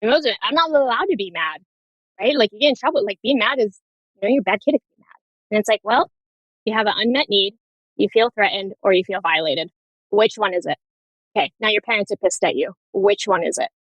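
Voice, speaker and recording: A woman's voice: mid-range voice, fast, dry recording, lo-fi sound. A woman nurse practitioner speaking as a podcast guest, candid and storytelling, laughing often in casual chat.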